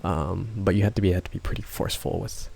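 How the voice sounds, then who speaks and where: Male streamer, worn-out husky voice, breathy rambling chat, close mic. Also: low-pitched, steady tone, fast, a little mellow. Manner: breathy, laughs often, rambling with restarts. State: hoarse, worn-out voice. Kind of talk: casual live-stream chat to viewers. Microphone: close ASMR microphone.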